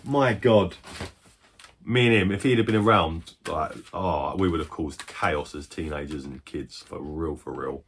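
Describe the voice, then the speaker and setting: A man in his forties chatting casually as a retro game collector, rambling through stories, swearing freely and breaking into quick bursts of excitement. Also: low voice, slight background noise. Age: 40s. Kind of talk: casual chat.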